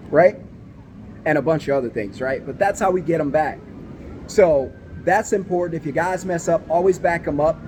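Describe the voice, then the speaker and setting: A man delivering business advice straight to camera, sounding like a hands-on company owner coaching his peers. His voice sits slightly high for a man, and he drives points home by repeating them. He keeps the tone emphatic and brotherly, often checking in with a quick "right?". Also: darkish tone, slight background noise.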